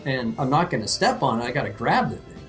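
A fast-talking man co-hosts a casual podcast, his pitch swinging widely as he tells a story. He's animated and profane, often laughing at his own tale, with faint music beneath his voice.

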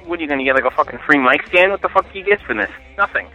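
A man's voice: on the high side, lively intonation, racing, sharp tone, highs cut off, soft background music. A man leaving a profane, ranting voicemail. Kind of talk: angry phone rant.

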